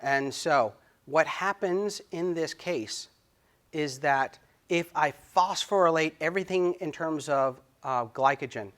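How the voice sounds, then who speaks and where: A middle-aged man giving a recorded biochemistry lecture, halting and filler-heavy, stretching out key words. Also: a little high, a bit bright.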